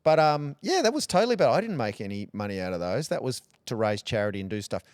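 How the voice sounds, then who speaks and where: A middle-aged Australian man talking candidly in a relaxed interview, joking and rambling through stories. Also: medium pitch, fast, no echo. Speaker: podcast guest, radio personality.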